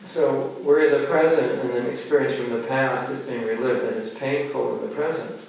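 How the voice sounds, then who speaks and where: An American man gives a relaxed spiritual talk, chatting with the room and tossing questions at the audience. His voice has a gravelly edge. He sounds distant from the mic, with heavy echo around him and faint ambience behind. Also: mid-range voice, normal speed. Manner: chatty, jokes and quizzes the audience. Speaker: seminar teacher. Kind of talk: casual spiritual lecture to a live audience.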